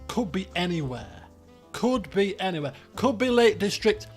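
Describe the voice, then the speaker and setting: High, lively streamer guy. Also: normal speed, slightly rough, faint music behind. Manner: chatty, thinks aloud, laughs often. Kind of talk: live-stream game commentary.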